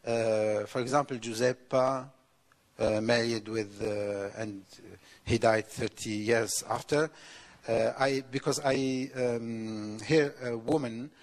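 Slow, halting man in a reverberant hall. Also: medium pitch, steady tone. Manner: halting, many fillers and restarts, mixing English and Italian. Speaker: author answering audience question. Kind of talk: hesitant Q&A answer. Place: college lecture hall.

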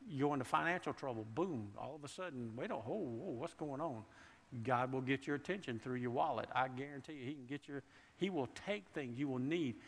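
A pastor preaches a folksy sermon in a church sanctuary, repeating and restarting words and asking the congregation questions. His mid-range voice is gravelly and a bit bright, and the recording carries long church reverb.

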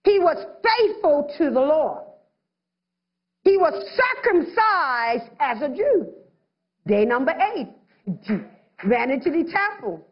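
A woman's voice: high voice, big pitch swings, takes it slowly, pauses often, dull audio. A woman pastor preaching a sermon, acting out little voices of others as she goes.

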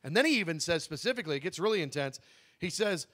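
A man with a notably high speaking voice leads a Bible teaching session. He talks in a conversational, emphatic way, drawing out the words he wants to stress and correcting himself mid-sentence. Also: lively intonation, fast talker, fairly bright tone. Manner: conversational, with asides and self-corrections.

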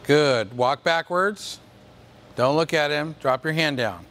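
A man's voice: on the high side, animated, takes it slowly, a bit bright. A man instructing dog show handlers at a workshop, giving plain direct commands with playful asides. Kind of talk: hands-on coaching at a workshop.

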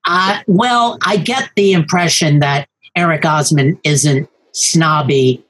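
A man hosting an interview, asking questions in a measured, slightly formal way. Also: fairly high pitch, fairly bright tone, poor audio. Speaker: podcast host.

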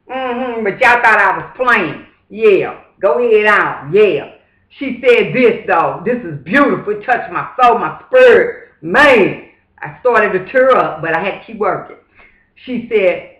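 A man's voice: high voice, lively intonation, measured pace, fairly bright tone. A man talking straight to camera in a casual, preachy vlog monologue, emphatic and fervent, with repeated rhetorical asides. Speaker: vlogger. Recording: roomy echo.

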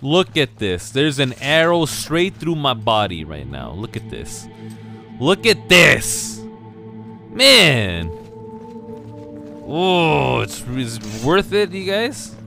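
A man narrates his gameplay in a slow, unhurried way, breaking into excited shouts between muttered asides. His voice swings widely in pitch. Faint game music plays behind him. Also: gravelly. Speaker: gameplay commentator. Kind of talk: casual let's play commentary.

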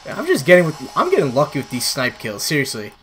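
A man's voice: fairly high pitch, huge pitch swings, quick pace, fairly bright tone, faint music behind. A man commentating his own gameplay for viewers on a new microphone, frustrated and exclaiming as he plays. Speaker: gaming channel host. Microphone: new desktop microphone.

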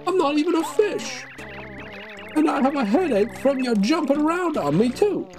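A woman voicing a huge male whale with a bellyache, pleading in a high, wailing voice. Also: animated, normal speed, over music.

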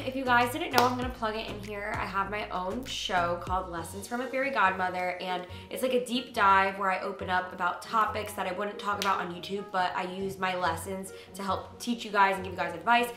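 A young woman recaps a prank with bubbly, offhand energy and casual swearing. Her voice is bright and forward. It sounds like she's in an echoey room with faint music playing underneath. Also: mid-range voice. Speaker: vlogger. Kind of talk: casual vlog chat.

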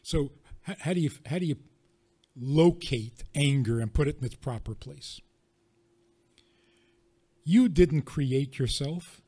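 A rabbi giving a teaching talk to an audience, leaning on rhetorical questions and wry everyday examples. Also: male voice, medium pitch, slow, pauses often, dark tone, husky.

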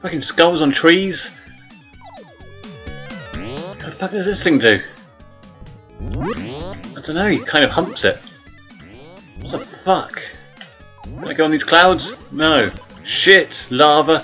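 A man's voice: fairly high pitch, expressive, slow pace, pauses often, pushed and bright, faint music behind. A man hosting his gaming channel, swearing constantly and yelping in mock terror as he plays. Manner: swears constantly, mock-terrified yelps and groans. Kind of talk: comedic let's-play commentary.

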